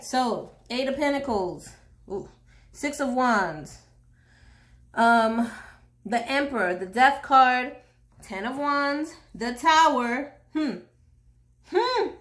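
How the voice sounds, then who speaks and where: A woman's voice: a little high, animated, slow, long pauses, fairly bright tone. A woman from Haiti giving a casual tarot reading, slangy and chatty with jokey asides. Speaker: tarot reader.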